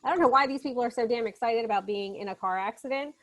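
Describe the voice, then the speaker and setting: A fairly high-voiced woman teaches literature in a loose, conversational lecture, paraphrasing the story in her own words. She adds sarcastic asides and the odd swear word. Now and then she breaks off to tell a child nearby to wait. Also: quick pace. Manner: chatty and irreverent, with sarcastic asides and mild swearing. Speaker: literature instructor. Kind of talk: casual recorded lecture retelling a short story.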